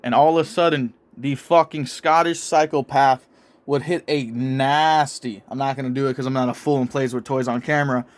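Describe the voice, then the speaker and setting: A young man casually narrating a made-up wrestling storyline in an excitable, profane play-by-play manner. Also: mid-range voice, moderate pace. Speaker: show host narrating a toy wrestling storyline.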